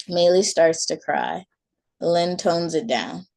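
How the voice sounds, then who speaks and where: A woman reading her own short story aloud in a calm, soft manner. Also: lowish voice, measured pace. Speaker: author and storyteller.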